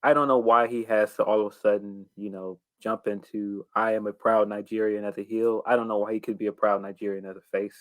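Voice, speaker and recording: A man cohosting a casual wrestling podcast, talking in a measured, hesitant way. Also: lowish voice, flat delivery, no room sound. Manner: measured, hesitant, with many restarts and fillers.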